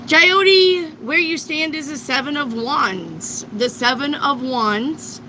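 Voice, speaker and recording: A woman's voice: high-pitched, slow pace, background noise. A woman giving a live tarot reading to viewers, blunt and emphatic, with frequent swearing. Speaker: tarot reader.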